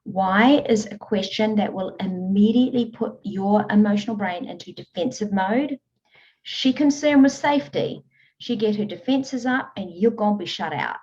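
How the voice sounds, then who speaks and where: A woman coach telling stories in an interview, earnest and animated. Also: medium pitch, normal speed. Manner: earnest, animated storytelling with frequent laughs. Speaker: guest, emotional eating coach. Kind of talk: conversational interview. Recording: dull lo-fi audio.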